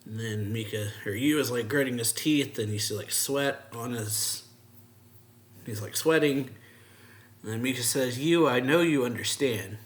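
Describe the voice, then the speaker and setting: A man's voice: mid-range voice, unhurried. A man hosting his own channel, casually reviewing a manga chapter, retelling scenes with lots of loose fillers. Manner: recaps scenes by paraphrasing character dialogue with loose fillers.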